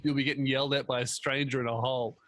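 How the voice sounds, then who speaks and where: A young man co-hosting a casual comedy chat, reacting quickly and laughing often. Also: mid-range voice, level tone, a bit bright, dry recording.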